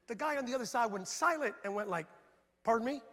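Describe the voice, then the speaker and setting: Lively high-voiced preacher in a hall. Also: male voice, fast talker. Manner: animated, humorous storyteller acting out dialogue. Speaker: pastor. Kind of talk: storytelling sermon. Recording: reverberant hall sound.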